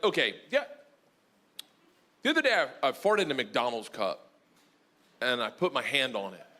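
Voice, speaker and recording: Loud, rowdy middle-aged stand-up comic. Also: male voice. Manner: loud, rowdy storytelling, acts out his daughters in high voices. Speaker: stand-up comedian. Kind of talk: stand-up comedy set. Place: comedy club stage with audience. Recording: live club recording with room noise.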